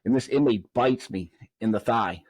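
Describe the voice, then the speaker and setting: A lowish male voice at a moderate pace, with no echo, belongs to a former prison officer from the Southern United States. In a podcast interview he tells a long story animatedly, imitating the voices of the people involved.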